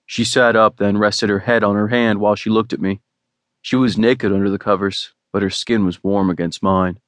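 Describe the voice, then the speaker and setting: Male audiobook narrator, first-person romance, low voice, relaxed wry delivery, dry sound. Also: normal speed, no room sound.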